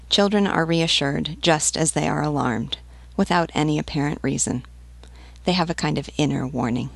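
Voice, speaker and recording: A woman teacher reading a novel aloud in steady storytelling narration. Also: low voice, gravelly, slightly rough, no echo.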